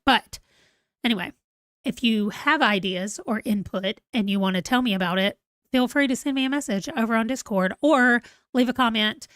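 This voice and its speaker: A woman's voice: mid-range voice, a bit bright, no room sound, clean studio sound. A middle-aged woman with a Southern US accent, chatting casually as she hosts a livestream and laughs at herself. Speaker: livestream host.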